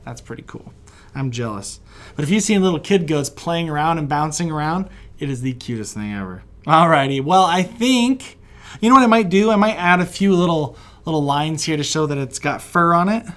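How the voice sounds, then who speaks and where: A man's voice: a little high, expressive, moderate pace, fairly bright tone. A man from West Virginia, chatty and encouraging, teaching a children's drawing lesson while he sketches. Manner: friendly, chatty, encouraging, laughs often. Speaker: kids' art teacher.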